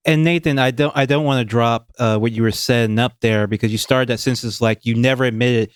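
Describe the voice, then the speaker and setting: A man's voice: medium pitch, fairly even intonation, a little fast, clean tone, no room sound, studio quality. Hesitant, thoughtful man panelist. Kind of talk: casual comedic panel chat.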